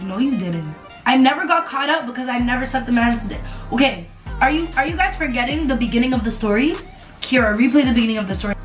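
A woman telling a casual storytime on camera, animated and profane, repeating herself for emphasis. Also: a little high. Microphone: camera mic. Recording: roomy echo, faint music behind.

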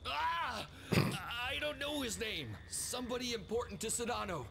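Scared captured soldier, high gravelly voice, game audio with ambient noise. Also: male voice, expressive, heavily acted. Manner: halting, pleading, broken English. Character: frightened male guerrilla captive.

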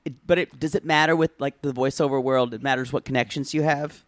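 A man's voice: medium pitch, fairly even intonation, fast, no room sound. A man co-hosting a podcast in casual chat, wry and teasing, reading out quotes with relish. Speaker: podcast co-host.

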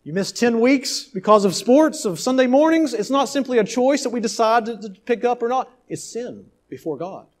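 Male pastor, sermon, high voice, emphatic swings from loud to hushed. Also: lively intonation, normal speed, few pauses.

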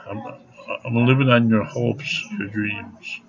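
A man's voice: on the low side, fairly even intonation, slow pace, a crowd in the background. A man ranting angrily to camera at home in a vlog, cursing freely and laughing through his anger. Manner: profane, angry ranting. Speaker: vlogger. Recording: dull lo-fi recording.

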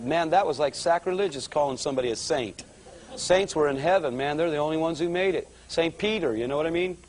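A man giving a conversational sermon testimony at a live church service, his storytelling growing excited and louder. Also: a little high, brisk, slight background noise, rough recording. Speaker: guest speaker giving a testimony.

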